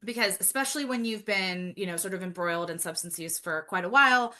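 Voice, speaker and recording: A woman's voice: medium pitch, fast talker, pushed and bright. A woman guest on a podcast, talking earnestly and reflectively in casual chat, with frequent fillers.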